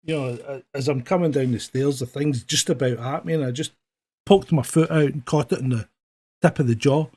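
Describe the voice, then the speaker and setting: A man's voice: mid-range voice, a little fast, husky. A man with a Scottish accent, a former police officer, chatting casually on a podcast and animatedly telling a story. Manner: animated storyteller, acts out dialogue. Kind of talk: casual chat, anecdote telling.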